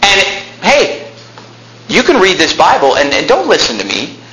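Yelling young preacher in an echoey room. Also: male voice, sits high, normal speed. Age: 20s. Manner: excited, emphatic, often yelling. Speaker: pastor. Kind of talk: sermon.

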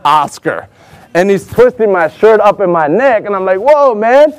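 A man with a fairly high voice recounts a personal story to an audience. He tells it with energy and jumps into the voices of the people he quotes. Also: moderate pace. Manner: animated, acts out other people's lines in raised voices. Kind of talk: personal anecdote told to an audience.

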